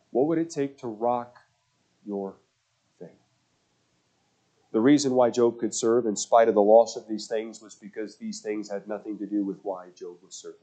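A man preaching a sermon as pastor, telling stories and acting out the voices of people he quotes, swinging between loud and hushed. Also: on the low side, normal speed. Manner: animated storyteller, acts out quoted voices, swings loud to soft.

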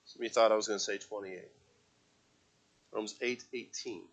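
A man preaching a sermon to a congregation, swinging from quiet, conversational stretches to loud, impassioned calls with repeated words. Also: fairly low pitch, steady tone, fairly quick. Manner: asks the congregation to read aloud with him. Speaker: pastor.

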